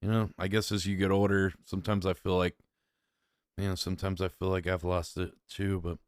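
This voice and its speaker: A laid-back man chatting over clips in a loose, rambling way, often poking fun at himself. His voice sits a little low. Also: level tone, brisk, dry recording, studio quality. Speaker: streamer reacting to clips. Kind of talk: casual reaction commentary.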